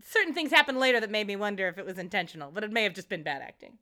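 A woman's voice: mid-range voice, animated, rapid-fire, bright, forceful tone. A woman co-hosting a podcast, chatting casually as she recaps a TV episode and acts out lines in mock voices. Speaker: podcast co-host.

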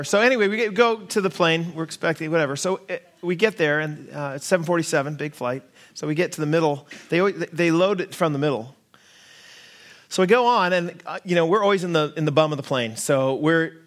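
Humorous American pastor telling a story. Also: male voice, fairly high pitch, a bit bright. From United States. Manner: humorous, self-deprecating anecdote telling. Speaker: lead pastor. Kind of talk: sermon storytelling.

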